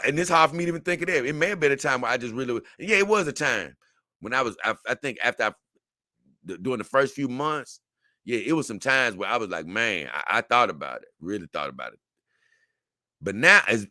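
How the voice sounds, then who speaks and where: A man hosting a casual talk show, his voice bright and forceful as it swings up and down in lively pitch. He rambles and often stumbles over repeated words, and the sound is close and dry with no room echo. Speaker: show host. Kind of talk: casual talk show, reading viewer comments.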